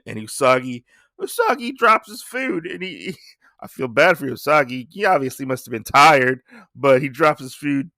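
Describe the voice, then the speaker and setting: Rambling bright-voiced man recapping a comic. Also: medium pitch, gravelly, no echo, studio quality. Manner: rambling, many fillers. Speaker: podcast host.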